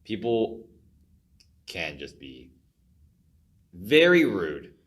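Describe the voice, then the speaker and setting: A man in his twenties from California, a podcast guest telling stories in an animated, jokey and dramatic way. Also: lowish voice, extremely slow. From California, USA. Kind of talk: casual podcast chat.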